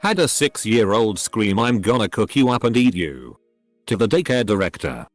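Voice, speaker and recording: A man with a low voice reads posts aloud in steady, scripted narration. His pitch moves a lot, which gives the reading a lively lilt. Soft music plays faintly underneath. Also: normal speed.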